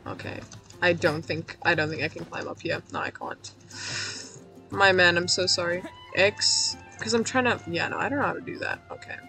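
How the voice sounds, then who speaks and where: A woman streaming a game, her voice going hoarse, rambling in a self-mocking way, cracking puns and laughing at herself. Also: lowish voice, animated, moderate pace, pushed and bright, soft background music. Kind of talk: casual let's-play commentary.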